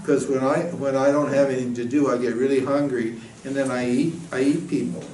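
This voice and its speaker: A man's voice: medium pitch, fairly even intonation, brisk, a little mellow, slight background noise, lightly acted. A man voicing a huge, muscular male genie who eats people and says so in a cheerful, matter-of-fact way. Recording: roomy, distant mic, faint ambience.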